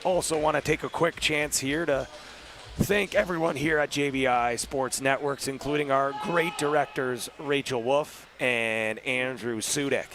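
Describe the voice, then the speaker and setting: Hoarse man calling a lacrosse game. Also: medium pitch. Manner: fast, excited calls on goals. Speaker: play-by-play commentator. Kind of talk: live sports commentary. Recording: noisy arena broadcast.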